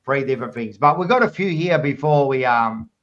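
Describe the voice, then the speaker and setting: A man's voice: mid-range voice, animated, fairly quick, fairly bright tone. An Australian man co-hosting a podcast, ranting heatedly with heavy swearing in casual panel chat. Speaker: podcast co-host. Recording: dull lo-fi recording.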